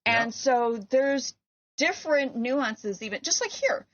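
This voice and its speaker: A woman's voice: high voice, lively intonation, takes it slowly. Co-host, female, from California. Chatty, conversational, slightly dull lo-fi sound. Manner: chatty, explains with many "like"s and "um"s. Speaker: podcast co-host. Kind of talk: casual chat. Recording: lo-fi podcast recording.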